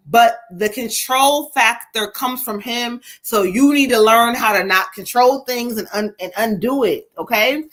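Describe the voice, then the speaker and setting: A woman tarot reader and medium giving a live-streamed ancestor reading, casual and slangy, talking aloud to spirits between pauses. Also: on the high side, fairly bright tone.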